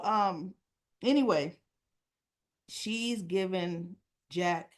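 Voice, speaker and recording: Chatty woman recapping a soap episode. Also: fairly low pitch. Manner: chatty, acts out character lines in quotes, laughs and asides. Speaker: soap opera recap host. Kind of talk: casual spoken recap.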